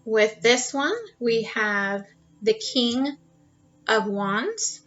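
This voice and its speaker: A woman's voice: fairly high pitch, extremely slow, fairly bright tone, faint music behind. A woman giving a casual tarot card reading at her home, rambling and chatty with many fillers and restarts. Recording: dull lo-fi sound.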